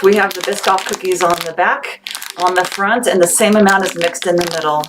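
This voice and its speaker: A woman's voice: on the low side, fairly even intonation, brisk. Chatty woman hosting a livestream. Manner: chatty, reads viewer comments aloud, many fillers. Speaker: livestream seller host. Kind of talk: casual livestream chat. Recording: noisy livestream audio.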